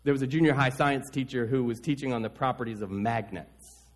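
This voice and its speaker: A man preaching a Sunday sermon as pastor, telling stories with wide swings in pitch and loudness. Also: a little fast.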